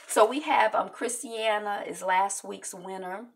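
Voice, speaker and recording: A woman hosting a casual video recap of a reality show, chatty and animated, with many fillers. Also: medium pitch, slow, vocal fry, few pauses.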